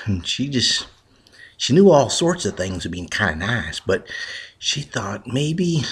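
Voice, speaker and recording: Husky, low-voiced folksy storyteller man. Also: sing-song, measured pace. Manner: rambling with restarts. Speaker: joke teller. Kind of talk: folksy spoken joke.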